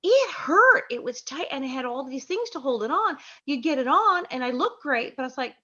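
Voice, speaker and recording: A middle-aged American woman, an actress and comedian, telling lively anecdotes in an interview and acting out quoted voices. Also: sits high, brisk, highs cut off. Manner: lively storyteller, quotes herself in acted voices, laughs often.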